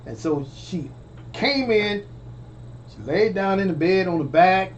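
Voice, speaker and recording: A man's voice: sits high, animated, a little slow, long pauses, lo-fi sound, slight background noise. A man telling a personal story in a casual way, stammering, repeating phrases and calling out to his listeners. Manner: stammering, repetitive, addresses audience directly. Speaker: storyteller vlogger.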